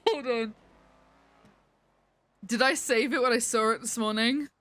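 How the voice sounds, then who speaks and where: A woman's voice: fairly high pitch, unhurried, fairly bright tone. A woman livestreamer chatting casually with her viewers, emphatic, swearing freely and laughing often. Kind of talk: casual chat to stream viewers.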